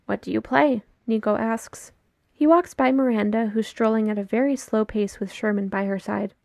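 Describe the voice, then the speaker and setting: A woman's voice: on the high side, moderate pace, darkish tone, no echo, studio quality. A woman reading a story aloud as narration, telling it steadily and lightly voicing the characters. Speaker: podfic reader. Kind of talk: scripted narration.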